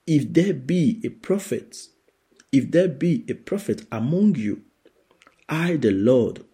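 A man preaching on a podcast, reading scripture aloud and repeating his points with slow emphasis. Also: fairly low pitch, vocal fry, warm tone, husky. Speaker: preacher and dream interpreter. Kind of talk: sermon podcast with Bible reading.

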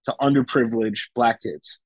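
A man's voice: mid-range voice, fairly even intonation, moderate pace, no room sound, low-quality recording. Young man telling a loose story. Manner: loose, profane, lots of fillers and restarts. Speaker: guest. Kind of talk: casual storytelling.

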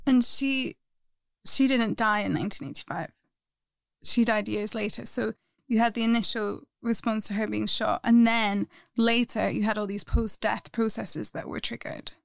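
A woman hosting a podcast, narrating from a script and talking with her co-host in a clear, explanatory way. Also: a little high, steady tone, moderate pace, dry recording.

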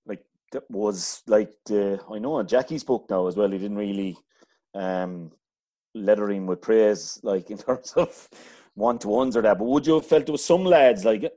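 Mellow man hosting casually. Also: fairly low pitch, moderate pace. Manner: informal, hedging with many fillers. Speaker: podcast host. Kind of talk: casual chat.

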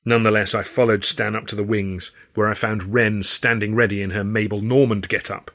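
A man narrating his own novel in the first person, in a wry, measured storytelling manner. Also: lowish voice, level tone, fairly bright tone. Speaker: author reading his novel.

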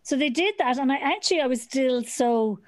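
A woman with an Irish accent, co-hosting a podcast and telling an animated story in a vivid, salty way. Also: high voice, brisk, no echo. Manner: animated, vivid storyteller who swears freely. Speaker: podcast co-host. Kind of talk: casual storytelling chat. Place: at home. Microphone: remote podcast mic.

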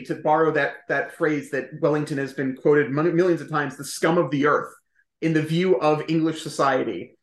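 A man speaking as a historian guest on a podcast, explaining at length in a chatty, emphatic way with quick asides. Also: fairly high pitch, roomy sound. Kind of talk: conversational podcast interview.

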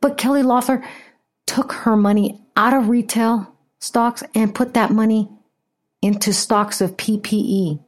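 A woman's voice: a little high, a little slow. Sarcastic, swearing woman podcast host. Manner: sarcastic, profane, animated. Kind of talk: casual political commentary.

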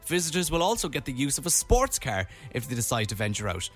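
A man from Ireland co-hosts a casual radio chat, reading things aloud and riffing on them playfully. His voice is bright, and his pitch sits a little high and moves a lot. Faint music plays underneath. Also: big pitch swings, fast talker. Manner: playful, reading out items with commentary. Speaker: radio host.

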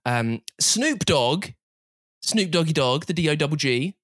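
A man's voice: fairly high pitch, animated, a little slow, a bit bright, no room sound, clean studio sound. A man hosting a podcast in a casual, teasing chat, laughing often. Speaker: podcast host.

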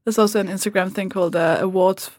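A woman's voice: medium pitch, fast talker, dry recording, clean studio sound. A woman comedian guesting on a podcast, chatting casually and acting out the people in her stories. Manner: animated storytelling, acts out quoted people. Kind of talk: casual chat.

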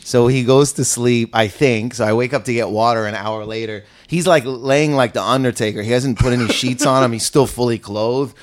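A man's voice: medium pitch, normal speed, hardly any pauses. A male comedian telling a story in casual chat, swearing and acting out the people in it. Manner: animated, swearing, acts out quotes. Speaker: guest comedian.

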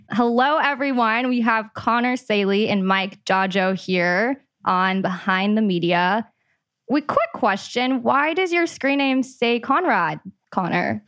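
A woman hosting a casual podcast interview over a video call, bubbly and excitable. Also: medium pitch, a little slow, smooth, no echo. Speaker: podcast host.

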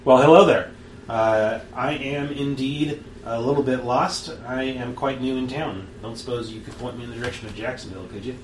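A man's voice: mid-range voice, normal speed, close to an everyday voice. A man doing a polite young cowboy stranger. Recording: far-off mic in a roomy space with noise.

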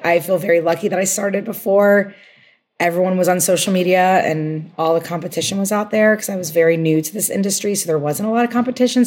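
A woman's voice: fairly low pitch, darkish tone. A woman being interviewed as a guest on a podcast, talking with energy and passion and getting fired up about her work. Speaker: guest, social media strategist.

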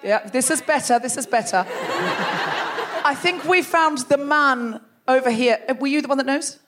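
Background noise surrounds a high-pitched woman speaking at a moderate pace as she hosts a comedy podcast live in a big theatre. She trades playful stand-up banter with the audience and laughs frequently.

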